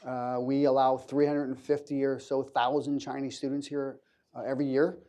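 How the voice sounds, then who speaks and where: A man, a government counterintelligence official, answering questions on a conference panel in a measured way with frequent fillers and restarts. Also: mid-range voice, level tone, dark tone. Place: conference hall.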